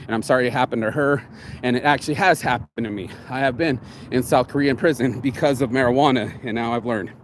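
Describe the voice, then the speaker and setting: A man's voice: medium pitch, fast, slight background noise. Rambling, confessional man talking outdoors. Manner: candid, rambling, confessional, with frequent fillers and restarts. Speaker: vlogger. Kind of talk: casual morning livestream monologue.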